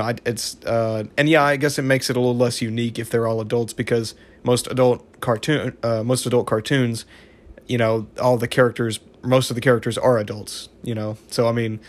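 Man, casual episode reviewer, mid-pitch, halting and rambling, restarts a lot. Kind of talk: casual spoken episode recap.

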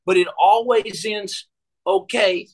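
A man's voice: high-pitched, steady tone, takes it slowly, rough recording. A man in his forties telling a long personal story as a podcast guest, rambling and repeating words with many fillers.

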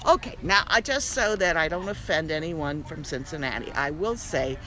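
Lively older woman telling a story outdoors. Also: normal speed, low-quality recording. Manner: lively, laughing storyteller with big pitch jumps. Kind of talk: animated personal storytelling. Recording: outdoor recording with street noise.

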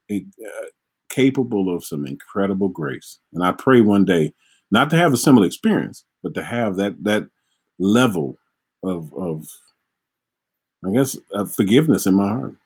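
Husky, lively-voiced man co-hosting. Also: mid-range voice. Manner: heartfelt, hesitant. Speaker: talk show co-host. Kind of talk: casual talk show conversation.

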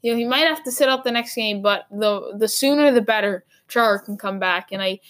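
A woman hosts a casual sports talk segment. Her voice sits a bit high for a woman. She rambles and thinks out loud, full of fillers and self-corrections. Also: fairly quick. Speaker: sports podcast host.

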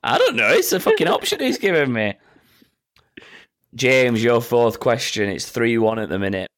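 Quizmaster with a lively, swinging voice. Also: male voice, medium pitch, moderate pace. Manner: sarcastic, swears casually, comments on his own questions. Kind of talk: casual chat, reading out quiz questions.

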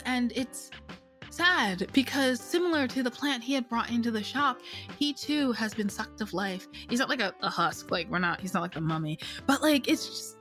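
A woman's voice: a little high, fairly bright tone. A woman casually narrating a role-playing scene, sarcastic, profane and rambling. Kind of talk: casual comedic game narration.

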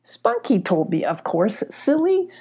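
A cheerful, talkative young girl, as a woman reading a storybook puts her on. Her chatter sounds light and friendly over a gravelly, husky base. The tone is warm and mellow rather than bright. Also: medium pitch, expressive, moderate pace.

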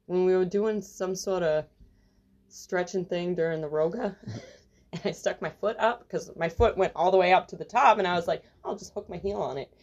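A woman's voice: fairly low pitch, normal speed, darkish tone. A woman co-hosting a podcast, talking bluntly and playfully in casual chat.

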